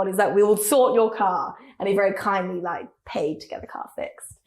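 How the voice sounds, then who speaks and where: A woman's voice: mid-range voice, a little fast. Woman, 20s, radio presenter, chatty storytelling, echoey room. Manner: chatty, laughing, animated storytelling with acted quotes. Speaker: radio presenter, interview guest. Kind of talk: casual interview chat.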